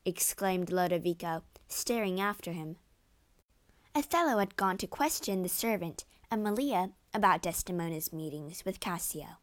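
A woman narrating a storybook in a slow, clear reading. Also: lowish voice, no room sound.

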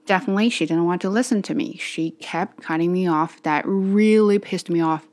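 Candid woman telling a vlog story, lowish voice. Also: normal speed, darkish tone. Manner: candid, wordy, many restarts and fillers. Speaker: vlogger. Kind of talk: personal story-time vlog.

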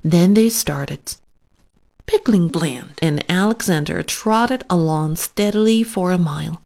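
A woman reading a children's story aloud in a gentle, unhurried way. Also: fairly low pitch, gravelly.

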